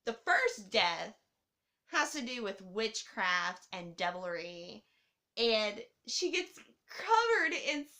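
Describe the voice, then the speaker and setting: A young woman hosting a casual movie review countdown, excitable and swearing, laughing and swooping up and down as she talks. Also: a little high, takes it slowly. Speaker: host.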